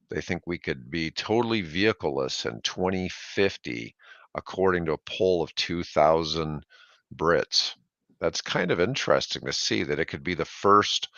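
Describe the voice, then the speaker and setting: A man born in Germany hosting a casual chat show, loose and chatty and quick to laugh. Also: deep voice, fairly bright tone, dry recording, dull audio. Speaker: show host.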